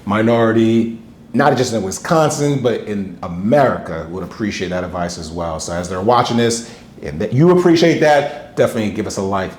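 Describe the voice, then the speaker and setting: A man's voice: fairly low pitch, fairly quick, reverberant, a little hiss or hum. A male interview host who talks with enthusiasm and hype, laughing often and cheering on his guest. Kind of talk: interview conversation.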